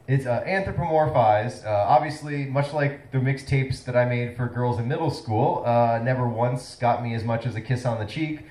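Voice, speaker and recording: A man hosting a comedy show as a mock town-meeting presentation, talking in a halting way full of fillers. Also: mid-range voice, a little mellow, echoey room, distant mic, low-quality recording. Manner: halting, filler-heavy delivery, breaking into laughter.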